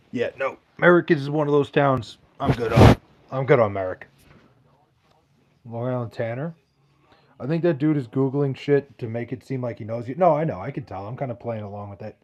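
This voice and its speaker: A young man hosting a podcast reads the live chat, talking casually and profanely while rambling and restarting his sentences. His voice is mid-range with a darkish tone, and the sound is lo-fi.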